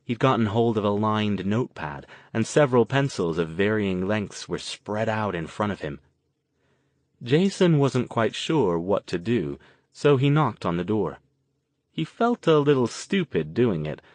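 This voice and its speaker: A man narrating an audiobook in a steady, even storytelling manner. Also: lowish voice, no echo. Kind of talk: scripted narration.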